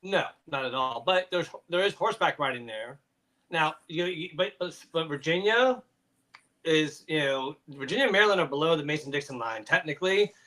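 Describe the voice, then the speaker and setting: A man chatting casually as a guest on a video call, telling stories in a lively way. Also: on the high side, normal speed. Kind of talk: casual chat.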